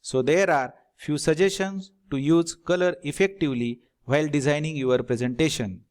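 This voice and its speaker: A middle-aged man, giving a recorded lecture over slides and speaking directly to viewers as a teacher trainer. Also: on the high side. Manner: instructive, addresses viewers directly.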